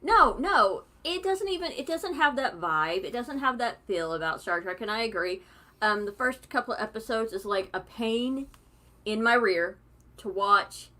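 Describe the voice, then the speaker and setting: A woman's voice: fairly high pitch, expressive, moderate pace, bright, forceful tone. A young woman hosting a live stream, chatty and giggly with a cackling laugh. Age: young adult. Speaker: host.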